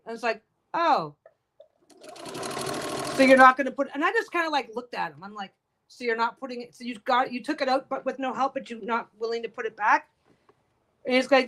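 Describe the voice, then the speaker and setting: A woman's voice: high voice, expressive, fairly quick, long pauses, a bit bright. A woman vlogger telling work stories in a blunt, profane, exasperated way as she sews, with a sewing machine heard behind her. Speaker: quilting vlogger. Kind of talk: casual storytelling while sewing.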